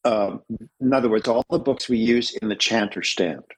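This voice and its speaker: A man interviewed about his work as a church author, speaking in a measured, earnest way and slowing down to stress key words. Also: medium pitch, breathy edge, low-quality recording. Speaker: interview guest, Orthodox clergy author. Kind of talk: thoughtful conversational interview.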